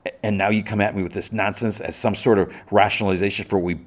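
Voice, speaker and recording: A tough, furious female agent, as a man puts her on in a podcast recap. The performer barely changes his low voice for her. He gives her an angry, clipped delivery. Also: steady tone, fast, natural voice. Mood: defiant.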